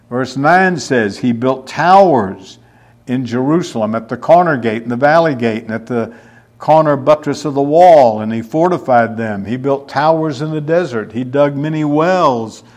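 Male preacher, slow, deliberate verse-by-verse teaching. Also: mid-range voice, a little mellow. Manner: slow, deliberate, reading verses aloud with fillers. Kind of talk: expository Bible teaching.

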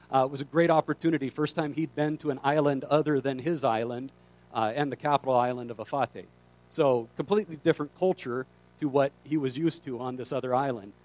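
A man, a pastor telling a story in a sermon and acting out the voices of the people in it. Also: medium pitch. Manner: animated storyteller, acts out quoted dialogue.

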